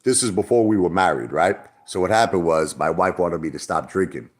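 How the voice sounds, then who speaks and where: A man's voice: sits low, fairly quick. A middle-aged man from Brooklyn, rambling and swearing in a casual livestream chat, repeating himself as he talks. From Brooklyn, New York. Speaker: livestream host.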